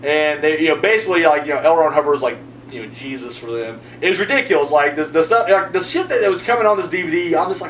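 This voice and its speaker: A man with a high voice tells a rambling story full of swearing as he answers his viewers. His pitch jumps all over the place. He sounds set back from the mic in a roomy space, with a faint hum underneath. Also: fast, distant mic. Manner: profane, rambling, animated storyteller. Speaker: video host answering viewer comments. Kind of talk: casual storytelling monologue.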